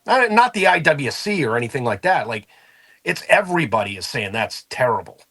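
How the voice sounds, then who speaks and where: A man's voice: mid-range voice, big pitch swings, brisk, sharp tone, breathy edge. A man co-hosting a wrestling podcast, complaining bluntly and casually with swearing. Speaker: podcast co-host. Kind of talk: casual wrestling talk show chat.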